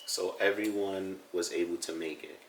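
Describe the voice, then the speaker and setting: A man's voice: low-pitched, steady tone, normal speed, slight background noise. A man hosting a casual interview, asking laid-back questions of an elder. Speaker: host, interviewer. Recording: echoey room, far from mic.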